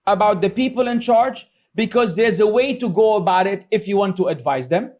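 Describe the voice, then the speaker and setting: Very high-pitched man lecturing sarcastically. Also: sing-song, normal speed, hardly any pauses, darkish tone. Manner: sarcastic, scolding, mocks critics in quoted voices; chatty with many fillers. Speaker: religious teacher. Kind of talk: informal religious class lecture.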